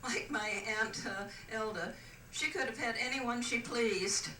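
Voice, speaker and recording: With frequent "uh"s and a dry, hesitant manner, an older West Coast woman does stand-up on a cruise. Her voice is fairly high, bright, and forceful, a little slow, recorded on a distant mic with roomy ambience and a slight hiss or hum.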